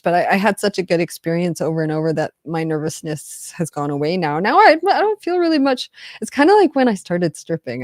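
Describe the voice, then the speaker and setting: A woman talking casually to her live stream viewers in a fairly low voice, rambling along with restarts and quiet laughs. The sound is dry and close, with no room echo. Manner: chatty, rambling, with frequent restarts and soft laughs. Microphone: close mic on a live stream.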